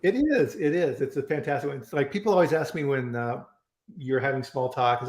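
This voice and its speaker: Male host for a casual live chat show, mid-pitched, loose and talkative, recorded in an echoey room. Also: fairly quick, a little mellow. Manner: chatty, rambling, frequent restarts and fillers. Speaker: host of a live online food safety chat. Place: home in Colorado. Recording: roomy echo.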